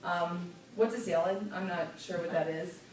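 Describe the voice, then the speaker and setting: A woman radio host teaching a class, lively and demonstrative, stressing clear enunciation. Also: lowish voice, normal speed, a little hiss or hum. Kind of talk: classroom lesson. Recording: echoey room picked up from far.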